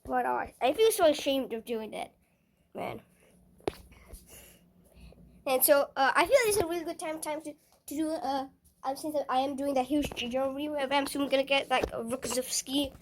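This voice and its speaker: A woman's voice: high voice, normal speed, pauses often, slight background noise, low-quality recording. A woman hosting a gaming channel, chatting casually and stumbling over her words, repeating them as she goes. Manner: stammering, repeats words, chatty and self-conscious. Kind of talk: casual gameplay commentary.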